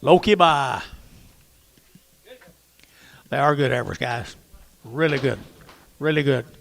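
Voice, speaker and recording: A man working as a livestock auctioneer, calling bids in a rapid rhythmic chant with quick asides to the crowd. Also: medium pitch, vocal fry. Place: cattle auction barn.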